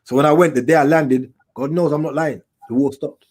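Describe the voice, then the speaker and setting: Fast-talking man telling stories. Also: on the high side, slightly rough. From England. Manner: street slang, animated storyteller. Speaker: documentary filmmaker, guest. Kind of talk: casual storytelling interview.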